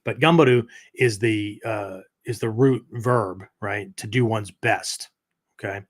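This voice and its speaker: A man's voice: lowish voice, slow. Rambling man saying "right?". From United States. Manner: peppers talk with "right?" and "okay?"; rambling, self-correcting explanations. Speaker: martial arts podcast host. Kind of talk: casual teaching talk.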